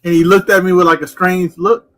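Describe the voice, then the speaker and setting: Bright, high-voiced man telling stories. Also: fairly quick, low-quality recording. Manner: animated, laughs through his anecdotes. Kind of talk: casual storytelling chat.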